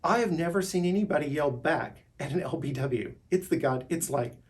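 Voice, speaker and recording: A man's voice, pitched a little high, carries this loose solo monologue. He is middle-aged, stops and restarts his phrases, and hammers on key words with rising emphasis. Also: normal speed, darkish tone. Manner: rambling, emphatic, restarts words, voice climbs when indignant. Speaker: vlogger. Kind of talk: unscripted monologue to camera.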